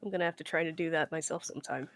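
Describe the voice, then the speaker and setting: A woman's voice: low-pitched, steady tone, very fast, fairly bright tone. A woman playing a tabletop game who talks bluntly and swears freely. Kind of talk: casual role-play.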